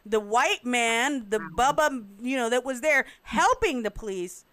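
A woman's voice: a little high, animated, measured pace, a bit bright, no echo. A woman in a casual group discussion, recounting events frankly and with swearing. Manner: frank storyteller, profane, recounting events at length.

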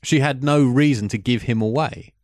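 Guy picking apart an old movie, dry jokey tone, mid-pitched, very dry close sound. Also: moderate pace, a little mellow, no echo. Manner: dry, sardonic, reads out his notes. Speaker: film podcast co-host. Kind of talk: casual film discussion.

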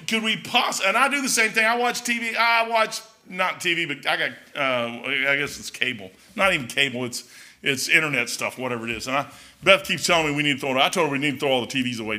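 Folksy bright-voiced man, blunt and rambling. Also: fairly high pitch. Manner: folksy, blunt, many restarts and asides. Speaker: Christian speaker. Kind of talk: casual rambling sermon-like talk.

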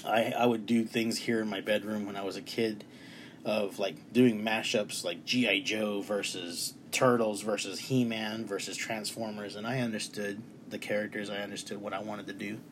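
An enthusiastic man in his thirties gushes about a film he loved in a casual, rambling way, restarting his sentences as his emotion builds. His voice sits fairly low. Faint room ambience hums behind him. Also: steady tone, normal speed, a little hiss or hum. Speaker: movie reviewer. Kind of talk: casual movie review. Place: bedroom.

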